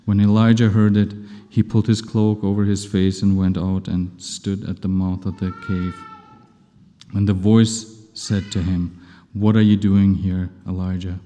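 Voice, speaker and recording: A man gives a sermon in a warm, mellow voice that sits a little low. He reads scripture and talks to the congregation in a casual, self-deprecating way. His voice rings with the long reverb of a large church hall. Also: level tone, unhurried. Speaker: preacher.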